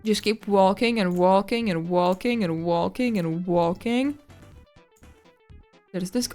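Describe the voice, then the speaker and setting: Slow-talking excitable woman streamer. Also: mid-range voice, soft background music. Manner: excitable, squeals at animals, swears casually. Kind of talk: casual live-stream chatter.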